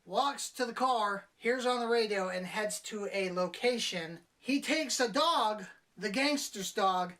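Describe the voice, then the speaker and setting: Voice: medium pitch, measured pace, bright, forceful tone, distant mic. A movie reviewer talking casually, blunt and exasperated, with frequent swearing. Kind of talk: casual spoken film review.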